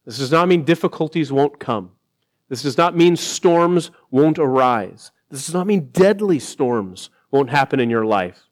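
A man preaching a sermon, his voice sitting a little high. He speaks earnestly, slowing down to stress his points and lifting his voice when he quotes others. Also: lively intonation. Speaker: pastor.

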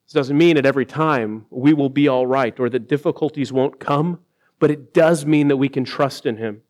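Brief: male pastor, sermon delivery, slightly raised pitch, earnest and deliberate. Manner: earnest preaching, slowing for emphasis and rising when quoting.

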